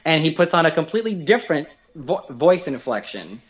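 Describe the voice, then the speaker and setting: A man's voice: a little high, very animated, a little fast, rough recording. A man co-hosting a casual podcast, talking about film performances in an enthusiastic, rambling way with many fillers. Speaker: podcast co-host.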